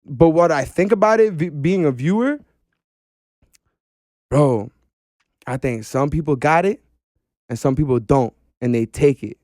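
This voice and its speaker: A man talking casually as a podcast guest, animated and slangy, saying "bro" often. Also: a little high, a little slow, long pauses, no echo, clean studio sound.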